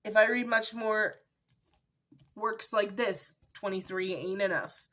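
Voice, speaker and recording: Casting: chatty female book vlogger, emotional, mid-pitched, at home. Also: steady tone, slow, fairly bright tone. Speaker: book reviewer. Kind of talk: casual book review vlog.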